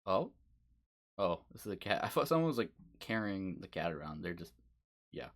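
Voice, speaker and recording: A man's voice: deep voice, very animated, moderate pace. A man casually commenting while streaming a video game, musing and chatty.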